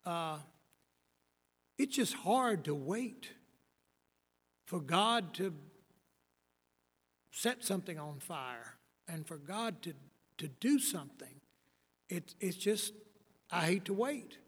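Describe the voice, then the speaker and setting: Preacher, man, 60s; high bright voice, rambling and wry, echoing hall. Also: animated, slow, pauses often, slightly rough. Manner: rambling, wry and blunt, with many fillers. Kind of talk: lecture on preaching.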